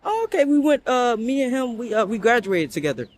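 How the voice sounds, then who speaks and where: A man's voice: very high-pitched, big pitch swings, brisk, voice pushed up. A man voicing his flustered ex-girlfriend in a story, stammering apologies in a raised voice. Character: flustered young woman, the narrator's ex.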